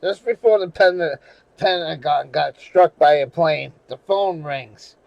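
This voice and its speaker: Man from New England, slow rambling storyteller, high-pitched, swears and restarts, dry close sound. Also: creaky, no echo, dull audio. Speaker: channel host. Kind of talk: casual storytelling monologue.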